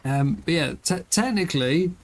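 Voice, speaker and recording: A man's voice: a little high, animated, normal speed, slight background noise. A man in his thirties chatting casually with viewers while streaming a game. He rambles in a self-deprecating way and sounds tired after an early start. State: tired, yawning. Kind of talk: casual live-stream chat while gaming.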